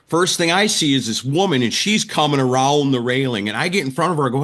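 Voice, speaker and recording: Brisk and with few pauses, a wrestling announcer and writer tells vivid stories as a podcast interview guest. His mid-range voice is a bit bright with lively intonation, and he acts out the quotes.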